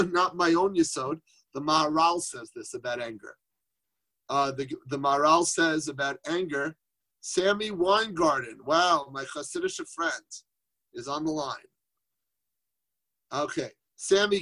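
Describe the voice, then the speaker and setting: Husky man giving a casual Torah talk. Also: a little high, rough recording. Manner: conversational, rhetorical questions, Yiddish and Hebrew terms. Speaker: Torah teacher. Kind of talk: informal Torah talk on a group call. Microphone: phone.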